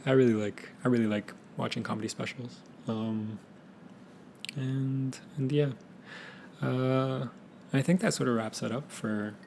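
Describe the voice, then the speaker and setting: A man's voice: medium pitch, vocal fry, slight background noise. A young man hosting a casual solo podcast, rambling and correcting himself as he thinks aloud. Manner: rambling, self-correcting, laid-back. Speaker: podcast host.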